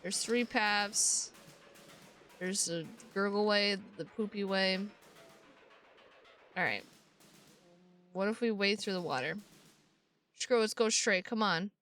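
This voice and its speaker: A woman's voice: mid-range voice, slow pace, pauses often, a bit bright, faint music behind. A woman streamer reading a visual novel aloud, breaking off into casual, sweary asides.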